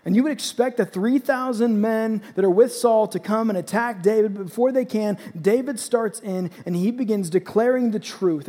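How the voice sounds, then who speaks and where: High-voiced preacher in a reverberant hall. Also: male voice. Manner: dramatic scripture reading, rising to shouts. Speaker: pastor. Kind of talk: sermon.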